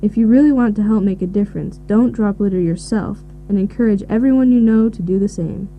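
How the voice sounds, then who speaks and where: A woman giving measured, informative answers in a scripted listening recording. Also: mid-range voice. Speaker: expert answering questions. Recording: tinny phone-like audio with faint hiss.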